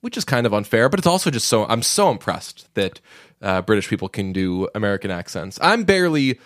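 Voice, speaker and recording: A man's voice: lowish voice, very animated, brisk, no room sound, studio quality. A man co-hosting a podcast, chatting casually about movies, rambling with many restarts and fillers. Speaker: podcast co-host.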